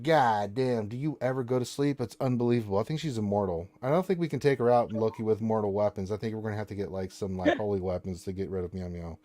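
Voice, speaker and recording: A man's voice: medium pitch, a little mellow. A man hosts a casual live stream and talks straight into a desk mic. He answers questions from chat and ribs his viewers and co-host with playful, mock-offended banter.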